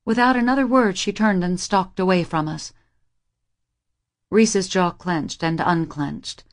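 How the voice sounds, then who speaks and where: A young woman narrating a first-person romance audiobook in an intimate, even manner. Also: lowish voice, unhurried.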